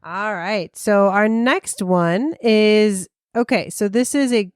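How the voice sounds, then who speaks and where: A woman co-hosting a casual podcast discussion, chatty and quick to laugh as she brings up each case. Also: mid-range voice, darkish tone, clear, resonant tone, no room sound, clean studio sound. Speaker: podcast co-host.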